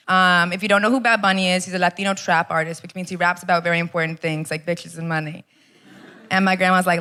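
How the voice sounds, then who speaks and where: A woman's voice: fairly low pitch, bright, forceful tone. A young American woman performing a brash stand-up set, swearing and teasing the crowd at a comedy club. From Los Angeles area, US. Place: comedy club stage with live audience.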